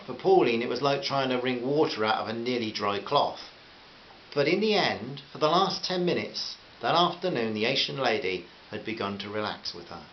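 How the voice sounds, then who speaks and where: A man reading a short story aloud in a gentle, friendly way, addressing listeners as friends. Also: medium pitch. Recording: muffled roomy recording with faint hiss.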